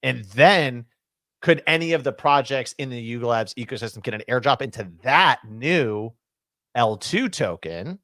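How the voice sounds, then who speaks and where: A man's voice: medium pitch, lively intonation, moderate pace, a bit bright, no echo. A man co-hosting a casual crypto chat, speculating and teasing in a rambling way. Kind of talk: casual crypto chat on a live audio space.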